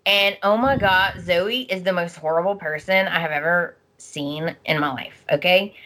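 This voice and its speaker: Young woman co-host, casual recap chat, low-ish bright voice, unhurried. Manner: slow, chatty, acts out lines in changing voices. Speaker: podcast co-host.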